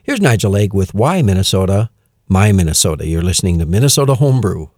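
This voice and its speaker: A man hosting a radio music show, chatting casually with many fillers and reading news items aloud with quiet amusement. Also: sits low, fast, dry recording, clean studio sound. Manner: relaxed and chatty, with frequent "uh" fillers and chuckles.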